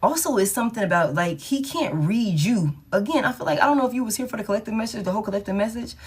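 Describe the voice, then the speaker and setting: A woman's voice: mid-range voice, expressive, fast talker, breathy edge. A woman giving a casual collective tarot reading, blunt and slangy, swearing freely and hyping the listener up. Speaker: tarot reader.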